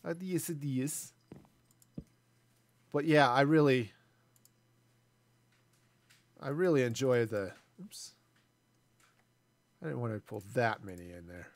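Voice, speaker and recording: A man's voice: mid-range voice, measured pace, pauses often, dry recording. A man in his forties chatting casually and self-deprecatingly as he streams a building game. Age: 40s. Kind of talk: casual live gameplay commentary.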